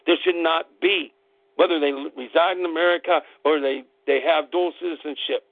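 A man's voice: fairly high pitch, fairly even intonation, moderate pace, gravelly, no room sound. A man hosting an internet radio show, delivering a fired-up, profane political rant in angry bursts. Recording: tinny phone-line audio, dry.

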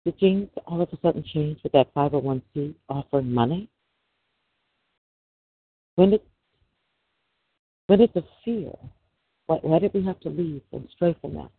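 A man's voice: fairly high pitch, normal speed, gravelly, pauses often, husky, no echo. A middle-aged man, a podcast host, giving a preachy religious monologue full of rhetorical questions. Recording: dry, tinny phone-line sound.

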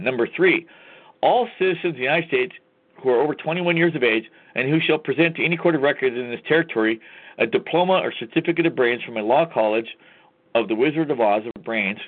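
A man hosting a talk radio show, delivering a combative, folksy monologue and often calling the listeners "folks". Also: mid-range voice. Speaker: radio host. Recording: tinny phone-line sound.

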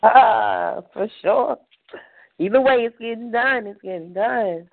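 A co-host chiming in with slow, laughing reactions during casual radio banter. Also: mid-range voice, gravelly. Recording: tinny phone-line sound.

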